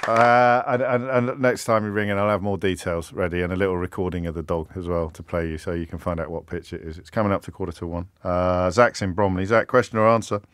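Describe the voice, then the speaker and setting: A man's voice: deep voice, steady tone, fast talker, few pauses, fairly bright tone, no echo. A man hosting a live radio phone-in from a studio mic, chatty and rambling with a self-deprecating streak. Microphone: studio microphone.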